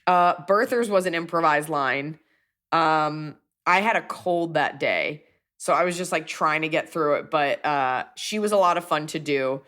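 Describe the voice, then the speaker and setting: A comedian in her forties hosting a casual chat, answering fan questions and jumping into quick accent bits. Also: deep voice. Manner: animated, jumps into quick bits of accents and impressions.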